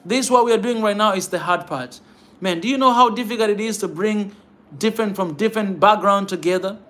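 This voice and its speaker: A man's voice: sits high, a little fast, fairly bright tone. A man hosting a pan-African channel, talking to his viewers with fervent, repetitive urging and a constant "man" at the ends of his phrases. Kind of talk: impassioned livestream talk to viewers.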